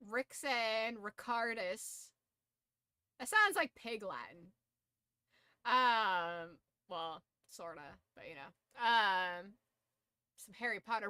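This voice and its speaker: A woman's voice: mid-range voice, bright, forceful tone, dry recording, clean studio sound. A young woman streaming casually, who swears freely, laughs a lot and shrieks in disbelief. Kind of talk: casual live-stream chat.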